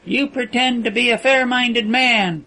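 A man's voice: extremely high pitch, unhurried, vocal fry, bright, forceful tone, pitched above the performer's own voice, heavily acted. A man voicing a tall male prisoner who pleads desperately with his captor in a strained, raised voice. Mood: pleading, desperate.

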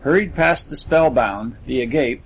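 A man narrating a literary story as an audiobook, in a measured storytelling manner. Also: medium pitch, slight background noise, rough recording.

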